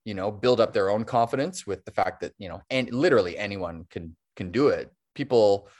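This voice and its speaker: A man's voice: on the low side, a little fast, a little mellow. A man talking as a guest on a podcast interview, rambling and restarting his sentences, laughing easily. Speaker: guest, stop-motion animator.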